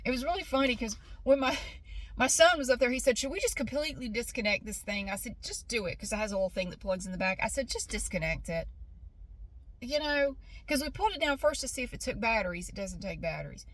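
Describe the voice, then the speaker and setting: A middle-aged woman rambles through a casual vlog, talking to the camera as if to a friend. Her voice sits a little high and she breaks into laughs often. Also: animated, fast. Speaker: vlogger.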